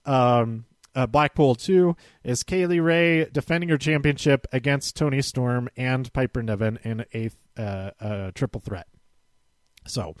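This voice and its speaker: A man's voice: medium pitch, no echo, studio quality. A man giving a casual, rambling spoken recap, often restarting and correcting himself with small chuckles. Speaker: show recap host.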